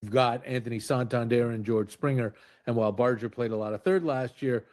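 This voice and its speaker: A man giving measured baseball analysis in a played-back sports talk clip. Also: mid-range voice, darkish tone, no echo. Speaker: baseball commentator guest.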